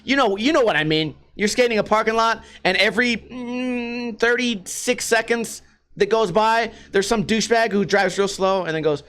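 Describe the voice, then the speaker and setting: A man's voice: high-pitched, normal speed, fairly bright tone. A man hosting his own podcast, ranting casually and profanely with a mocking edge. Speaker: podcast host. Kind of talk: casual rant. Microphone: podcast microphone.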